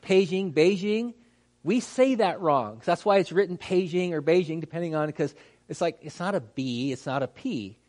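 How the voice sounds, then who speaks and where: A man who is a pastor giving a conversational teaching talk, lively and acting out how words get mispronounced, with many fillers and restarts. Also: fairly high pitch, normal speed. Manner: animated, acts out mispronunciations.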